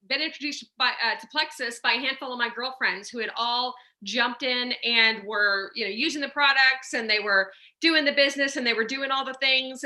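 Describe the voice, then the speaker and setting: A bright, fairly high-voiced woman. She tells her personal story in a chatty, animated way, filling it with little fillers and acting out what people said to her. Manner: chatty, storytelling, many fillers and acted-out quotes. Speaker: guest sharing her business story. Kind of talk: personal testimony on a livestream.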